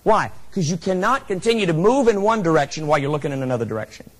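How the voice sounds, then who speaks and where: A man's voice: a little high, expressive, fast talker, rough recording. A man giving a motivational speech with a handheld microphone, emphatic and repeating key lines for effect. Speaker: motivational speaker.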